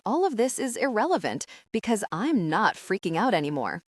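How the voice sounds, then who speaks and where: A woman reading the part of a nervous, quick-witted young woman who works as a party clown. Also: medium pitch, big pitch swings, no room sound, clean studio sound. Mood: flustered.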